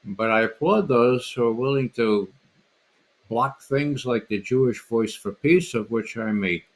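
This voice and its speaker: A man's voice: medium pitch, unhurried. An older man speaking as a guest panelist on a livestream, telling a story in an emphatic way and repeating his words.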